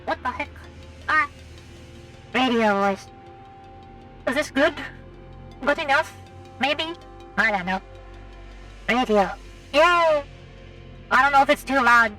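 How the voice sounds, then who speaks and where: A woman streaming live, chatting casually and joking as she thinks out loud. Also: a little high.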